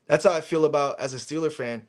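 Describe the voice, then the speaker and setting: A man's voice: fairly high pitch, quick pace. A man hosting a casual live stream chat, telling stories with lots of swearing and acted-out quotes over a video call. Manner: animated storyteller, swears freely, acts out quotes. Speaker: stream host.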